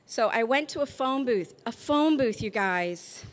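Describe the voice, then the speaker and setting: A woman's voice: fairly high pitch, a little slow. A middle-aged woman telling a comic story on stage, acting out the people in it. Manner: animated, acts out the people in her story.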